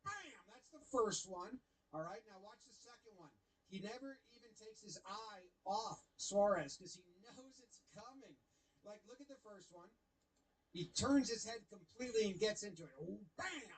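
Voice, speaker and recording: A young man casually commentating baseball highlights, animated and playfully mocking the umpire. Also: normal speed, husky, poor audio.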